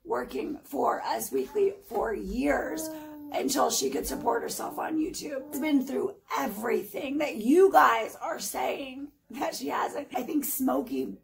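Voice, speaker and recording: A woman's voice: sits high, unhurried, vocal fry, low-quality recording. A woman in her forties ranting on her own vlog, emphatic and sarcastic, speaking straight to her critics. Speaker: vlogger. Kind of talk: heated casual vlog rant.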